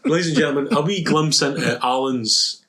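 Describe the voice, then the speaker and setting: A man's voice: fairly high pitch, a little fast, a bit bright. Scottish man, podcast co-host, casual comic banter, sardonic, swears a lot. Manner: sardonic and sweary, mock-grandiose.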